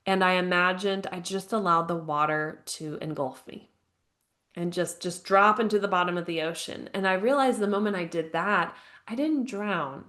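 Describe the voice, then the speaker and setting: A woman's voice: on the low side, normal speed, fairly bright tone. A woman in her thirties, a podcast guest and grief counselor telling her personal story in an earnest, reflective way, often saying "like" and laughing lightly. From United States. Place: home, living abroad.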